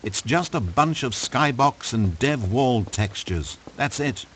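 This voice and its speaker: In scripted game narration, a man voices a sardonic male narrator with medium pitch, lively intonation, a slow pace and a fairly bright tone, over slight background noise. Sarcastic throughout, he reproaches the player directly with dry, needling asides.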